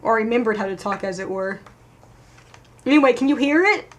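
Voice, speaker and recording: A woman giving casual live commentary while playing a game, thinking aloud, swearing, and moving between sudden loud outbursts and quiet muttering. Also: fairly high pitch, lively intonation, a little fast. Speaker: let's play streamer.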